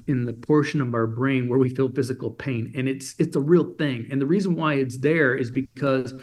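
A man in a mid-range voice telling a personal story as an interview guest. He brings the scene to life by acting out the dialogue, stringing lines together with casual "he goes" and "I go". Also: mid-range voice. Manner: animated storyteller, acts out quoted dialogue with frequent "he goes". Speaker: interview guest, dream coach.

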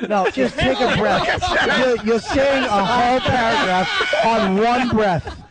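A man's voice: very high-pitched, takes it slowly, very noisy. A man co-hosting a comedy podcast, sarcastically coaching a guest to breathe.

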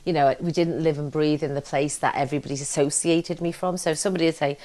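Low-voiced woman actor chatting. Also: fast talker. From Britain. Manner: animated, expressive storyteller. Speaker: actor, interview guest. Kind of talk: casual interview chat.

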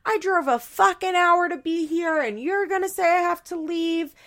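A woman doing a shrill, yelling older mother. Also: normal speed. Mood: angry shouting. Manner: shrill, shouting, high-pitched outbursts. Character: angry older mother yelling in a family fight.

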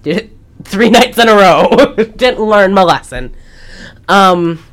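A woman's voice: mid-range voice, animated, slow. A young woman co-hosting a podcast, casually recapping a movie and acting out the characters' lines in exaggerated voices. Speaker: podcast co-host.

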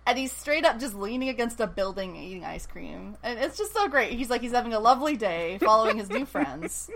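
A woman's voice: a little high, lively intonation, fairly quick, gravelly, crowd noise. Chatty, jokey woman podcast host. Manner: chatty and jokey, with playful asides. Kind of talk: casual TV episode recap.

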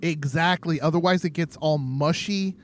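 A man's voice: fairly high pitch, moderate pace, a little hiss or hum. A tipsy man co-hosting a podcast, rambling in casual chat and laughing often. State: tipsy from drinking. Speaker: podcast co-host.

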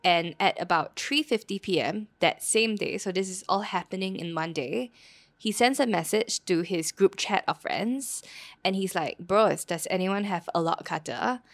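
A Singaporean woman co-hosting a podcast, telling a story in a casual, lively way with Singlish particles and frequent laughs. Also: mid-range voice, normal speed, no room sound. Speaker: podcast co-host.

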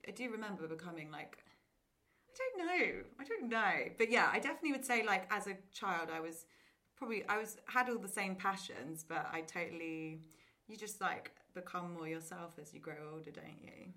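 A young woman guesting on a podcast in casual chat, giggly and lively as she tells stories. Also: lowish voice, normal speed.

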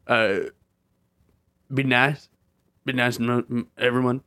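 A man's voice: medium pitch, level tone, a little slow, sharp tone, smooth. A man playing a dim, blunt bounty hunter in an improvised comedy sketch, talking in broken, simple phrases.

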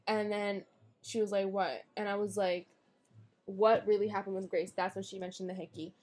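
A young adult woman, a podcast guest, speaks at a moderate pace in a medium-pitched, darkish voice with little pitch movement. Her casual storytelling bluntly and profanely recounts a falling-out with friends.

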